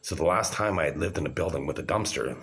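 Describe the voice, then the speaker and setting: Man in his forties, extremely low voice, agitated and rambling, swears a lot. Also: lively intonation, fast, a bit bright. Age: 40s. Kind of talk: rambling monologue to camera.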